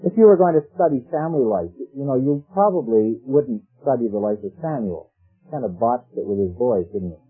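A man's voice: mid-range voice, breathy edge. Man preaching over a tinny radio broadcast. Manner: conversational, with rhetorical questions and quoted scripture. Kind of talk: sermon. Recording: tinny phone-like old radio broadcast with faint music.

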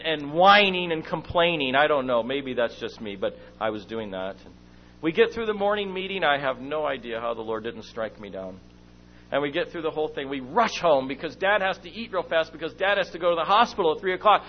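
A man's voice: on the high side, brisk. A middle-aged man preaching and telling a family story, acting out moments as he goes. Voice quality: lively storyteller, acts out his own shouting and whispering. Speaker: speaker at a church meeting. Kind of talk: sermon with personal stories. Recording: dull lo-fi recording with faint hum.

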